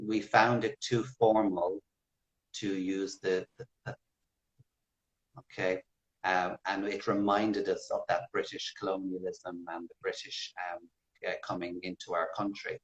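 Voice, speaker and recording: An Irish man with a deep, low voice speaks as an interview guest. He talks in a measured way and demonstrates pronunciations as he explains. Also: level tone, a bit bright, dull audio. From Ireland. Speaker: guest language expert. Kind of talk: casual interview explaining accents.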